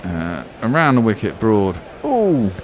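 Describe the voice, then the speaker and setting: A man giving live ball-by-ball radio cricket commentary, excitable, swearing and arguing with his co-commentator. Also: medium pitch, normal speed, background noise. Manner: excitable, swears freely, argumentative banter.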